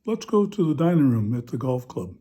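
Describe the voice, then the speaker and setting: A priest voicing a genial Saint Peter who welcomes new arrivals to heaven, in a cheerful, reassuring tone while telling a joke in a homily. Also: male voice, medium pitch, sing-song, fairly quick, dark tone, dull audio, lightly acted.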